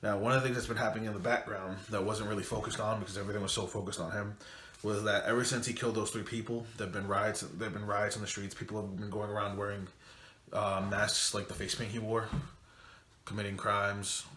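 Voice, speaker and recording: A man's voice: fairly low pitch, level tone, fast, pushed and bright. A man retelling a film's plot in a loose, rambling way with casual swearing. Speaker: movie reviewer. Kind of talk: casual movie recap. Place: home room, late at night. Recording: echoey room with faint noise.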